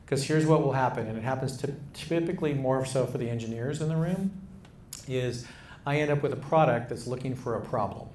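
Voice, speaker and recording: A man's voice: medium pitch, fairly quick, a little mellow, a little hiss or hum. A man mentoring startup founders in a casual, conversational talk to a live audience, with frequent restarts.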